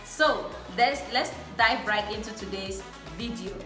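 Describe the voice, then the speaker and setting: A woman's voice: medium pitch, a little slow. Effusive young woman vlogger, echoey room. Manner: warm, effusive, repeats phrases for emphasis. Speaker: vlog host. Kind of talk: casual chat. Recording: echoey room with faint music.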